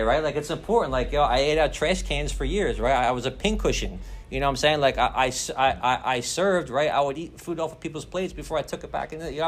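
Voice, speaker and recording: A man's voice: mid-range voice, fairly bright tone. A young adult man giving a rambling personal recovery share, full of slang, swearing and constant "like" and "right?" tags. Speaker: recovery meeting speaker.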